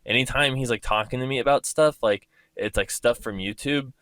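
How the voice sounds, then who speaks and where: A man's voice: medium pitch, a little fast, a bit bright, no room sound. A man hosting a podcast, chatting loosely and filling his talk with "like". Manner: loose, filler-heavy, says "like" constantly. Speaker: podcast host. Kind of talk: casual podcast chat.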